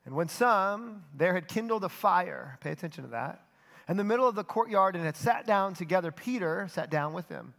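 High-voiced male preacher. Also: animated, moderate pace, vocal fry. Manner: earnest storytelling, drops soft for emphasis. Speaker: pastor. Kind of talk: sermon.

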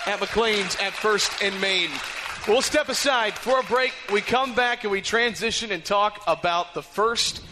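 A man hosting a live radio sports show, talking in a brisk broadcaster delivery from a bar. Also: high voice, crowd noise, noisy background.

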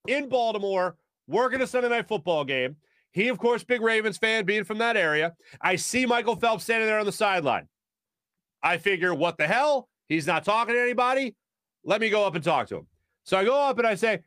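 A man hosting a sports talk show, talking with a fairly high voice. He tells stories in an animated, rambling way, full of quick asides. The studio sound is close and dry, with no room around the voice. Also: dry recording. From Philadelphia. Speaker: sports radio host. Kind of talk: casual sports talk, storytelling.

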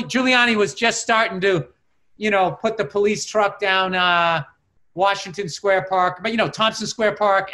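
A middle-aged man chats casually, telling long stories with plenty of swearing. His voice sits high for a man and has a bright, forceful edge. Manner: profane, rambling storytelling. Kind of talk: casual chat.

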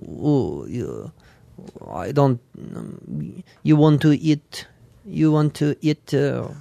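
A man putting on a slow, low, mumbled mock Russian voice. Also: animated, vocal fry, warm tone, dry recording, heavily acted. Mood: brooding.

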